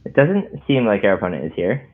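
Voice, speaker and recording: A man with a lowish voice makes terse, hesitant remarks while co-streaming a card game, giving in with a flat "fine." His voice comes through a tinny, phone-like chat line with faint music behind. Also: fairly quick. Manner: hesitant, terse, reluctant agreement. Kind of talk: casual gameplay chat.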